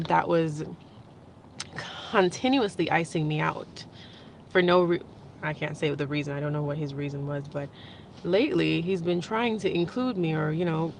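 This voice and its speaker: A young woman with a fairly low voice talks straight to her camera in a loose, heartfelt vlog. She rambles, laughs often and gets emotional. Faint background hum stays under her voice. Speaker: vlogger. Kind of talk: casual spiritual vlog monologue.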